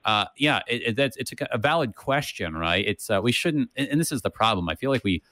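A man's voice: medium pitch, lively intonation, brisk, bright, forceful tone, dry recording, studio quality. A man co-hosting a casual Bible discussion, thinking aloud with frequent restarts and checking in with "right?". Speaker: co-host of a Bible study podcast.

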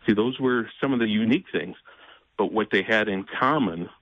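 A man speaking as a guest in an interview, earnest and measured, often pausing with fillers and restarting. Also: fairly low pitch, no echo, lo-fi sound. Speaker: ministry president, guest. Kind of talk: conversational interview.

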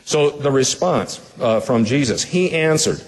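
A man's voice: mid-range voice, lively intonation, measured pace, long reverb tail. A man as pastor teaching a Bible passage in a conversational sermon, putting rhetorical questions to the listeners in a casual way with fillers.

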